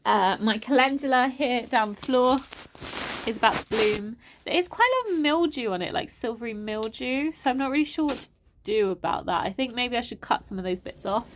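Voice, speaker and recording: A woman's voice: on the high side, expressive, fairly quick, slight background noise. Congested woman touring her garden. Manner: enthusiastic, chatty, names plants as she walks. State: congested, sniffing from a cold or hay fever. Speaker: gardening vlogger. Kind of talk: casual garden tour narration. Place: garden and greenhouse.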